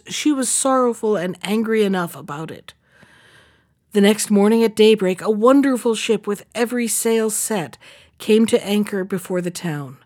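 A woman reading a fairy tale aloud in a steady, measured storytelling manner. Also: mid-range voice. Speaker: narrator.

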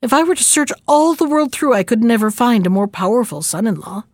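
A woman's voice: a little high, lively intonation, brisk, no room sound, clean studio sound, natural voice. A woman voicing a proud, scheming male sultan in a storybook reading, with a commanding, self-satisfied manner.

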